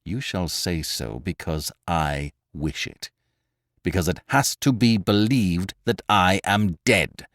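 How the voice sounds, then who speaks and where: A man's voice: low voice, big pitch swings, unhurried, dry recording, studio quality, heavily acted. A man voicing a proud, wrathful master thief who mutters threats through his teeth in an audiobook reading. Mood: menacing. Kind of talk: audiobook character voice.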